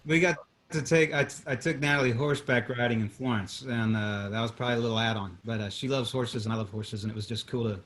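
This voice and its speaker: A man's voice: mid-range voice, fast talker, fairly bright tone. Man, singer-songwriter guest, casual chat, rambling restarts, video call audio. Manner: rambling, many restarts and fillers.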